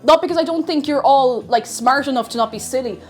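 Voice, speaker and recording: A woman's voice: sits high, brisk, darkish tone. A young woman chatting casually and rambling while she bakes on a livestream, greeting viewers and poking fun at herself. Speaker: streamer. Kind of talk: casual baking livestream chat. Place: home kitchen. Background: faint music.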